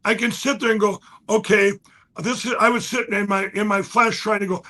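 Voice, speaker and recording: Telling an excited conversational story, this guest has a high, bright voice and a restless, rapid delivery. He keeps repeating and restarting, and his loudness swings up and down.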